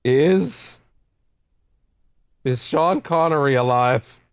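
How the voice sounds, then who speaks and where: A man's voice: medium pitch, extremely slow, clear, resonant tone, no room sound. A man streaming a game, giving rambling, self-interrupting casual commentary and swearing freely. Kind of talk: casual let's-play commentary.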